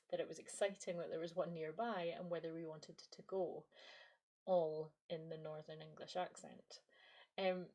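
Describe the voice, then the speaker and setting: A Scottish woman in her late twenties or thirties hosts a reflective podcast monologue. Her voice sits a little low, and she talks in a playful, self-deprecating way, as if chatting with the listener. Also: a little mellow. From Scottish Highlands. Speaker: podcast host and lecturer.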